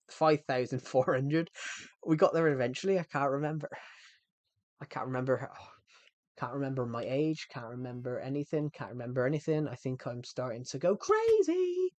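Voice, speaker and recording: A man's voice: medium pitch, darkish tone, dry recording. A man streaming a game live, chatting to viewers in a rambling way and often cutting himself off mid-sentence. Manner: rambling, chatty, self-interrupting. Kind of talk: casual live-stream chat.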